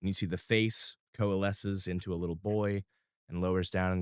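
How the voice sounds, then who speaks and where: A man's voice: deep voice, flat delivery, moderate pace, clear, resonant tone, dry recording, clean studio sound. A man narrating a tabletop game as game master in an easygoing way.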